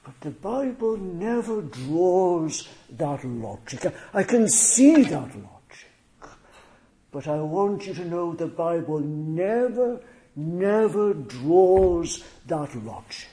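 A male preacher delivering a sermon, slow and emphatic, often dropping to near whispers. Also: fairly high pitch, big pitch swings, mellow.

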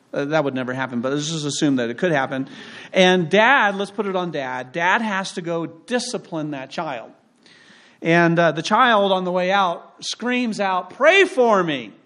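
A man's voice: fairly high pitch, a bit bright. Man preaching in a chatty storytelling way. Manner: conversational, humorous storytelling. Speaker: pastor. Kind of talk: sermon with personal stories. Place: church.

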